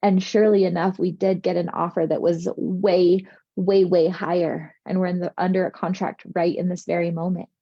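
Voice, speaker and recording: A woman's voice: lowish voice, level tone, normal speed, dry recording, dull audio. A middle-aged woman giving a motivational spiritual talk in an earnest, reassuring, soothing way. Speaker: spiritual coach.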